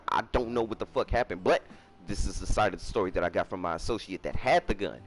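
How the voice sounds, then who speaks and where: A young man, telling a casual storytime in an emphatic, profane way. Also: mid-range voice. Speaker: storyteller streamer.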